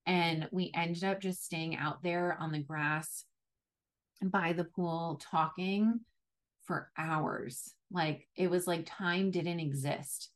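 A young woman with a voice pitched a little low talks through a personal story as a podcast host. Her delivery is loose and chatty, full of "like" and small restarts. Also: fairly even intonation, slow pace. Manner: chatty, frequent "like" fillers.

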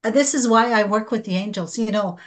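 A woman guest speaking slowly and earnestly about angelic healing, at times emotional. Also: mid-range voice. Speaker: guest practitioner. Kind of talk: spiritual podcast conversation.

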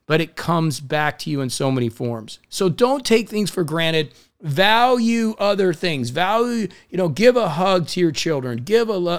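A middle-aged man giving an energetic, enthusiastic motivational talk, telling stories and acting out the people in them. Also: fairly high pitch, vocal fry, clean tone. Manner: energetic, enthusiastic, storytelling with acted quotes. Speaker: motivational speaker.

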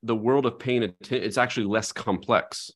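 A man's voice: medium pitch, moderate pace. A middle-aged man co-hosting a podcast, talking through ideas in a thoughtful, reflective way and often checking in with "right?". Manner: thoughtful, reflective, frequent "right?" tag questions. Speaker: podcast co-host. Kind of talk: casual conversational chat.

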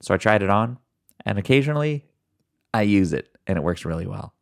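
A man hosting a motivational podcast, talking earnestly and encouragingly straight to his listeners, a fast talker who sometimes slows down on purpose. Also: lowish voice, expressive, gravelly. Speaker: podcast host. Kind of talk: motivational solo podcast talk.

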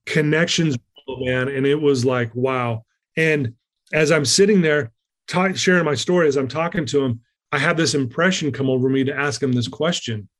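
A man's voice: medium pitch, moderate pace. A middle-aged man telling a story as a podcast guest, acting out his own quotes with animation. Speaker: guest speaker.

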